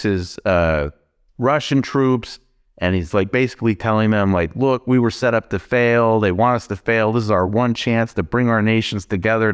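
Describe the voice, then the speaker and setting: A man's voice: fairly low pitch, clean tone. A man co-hosting a podcast, casually retelling a movie plot and tossing in quoted lines. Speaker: podcast co-host. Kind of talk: casual film recap chat.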